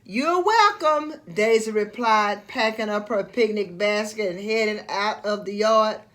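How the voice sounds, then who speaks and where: A woman reading a children's storybook aloud in an expressive way. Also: medium pitch. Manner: expressive, slow read-aloud.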